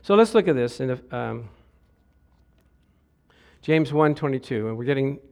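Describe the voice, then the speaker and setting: A middle-aged male pastor preaching a lively sermon, acting out quotes in different voices and laughing along the way. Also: mid-range voice, normal speed, vocal fry.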